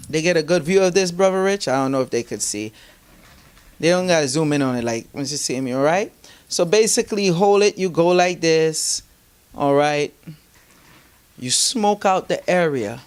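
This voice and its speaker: A man being interviewed who tells his stories animatedly, acts out the voices of people he quotes and gives spiritual advice. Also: sits high. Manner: lively, acts out quoted voices, laughs mid-story. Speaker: interview guest.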